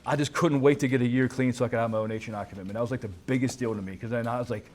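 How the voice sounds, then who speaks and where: A man tells his recovery story at a banquet podium, speaking quickly and loosely with plenty of "man" and "dude." His voice sits at an ordinary middle pitch, and faint room ambience hangs behind him. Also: fairly even intonation, slight background noise. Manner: casual and candid, fillers like "man" and "dude", swears. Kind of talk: personal recovery talk to a crowd. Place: banquet hall with a crowd.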